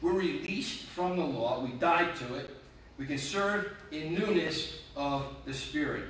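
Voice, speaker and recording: Impassioned preacher in an echoey hall. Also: male voice, fairly high pitch, a little slow, a bit bright, slight background noise. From North Jersey, USA. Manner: impassioned, hammering rhetorical questions and repeated phrases. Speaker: pastor. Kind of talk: sermon. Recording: very echoey room, mic at a distance.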